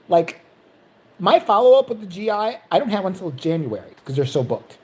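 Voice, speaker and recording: A woman vlogger telling a story in a casual, profane, animated way, jumping into other people's voices. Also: on the low side, fairly quick.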